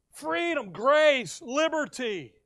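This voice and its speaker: A man's voice: extremely high pitch, big pitch swings, a bit bright, no echo. A man preaching a sermon, reading scripture aloud and firing questions at the congregation before answering them himself. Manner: reads scripture aloud in slow stressed phrases. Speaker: pastor.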